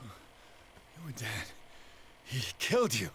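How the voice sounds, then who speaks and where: A man's voice: mid-range voice, huge pitch swings, slow, a little hiss or hum, exaggerated voice. An actor playing a frightened young male police officer in a horror video game, panicking in restraints. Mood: panicked. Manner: panicked, shouting.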